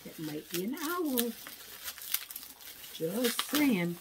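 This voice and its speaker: A woman's voice: fairly high pitch, very animated, drawn-out words, very noisy. A woman vlogger chatting casually while unboxing thrift packages, rambling and restarting her thoughts.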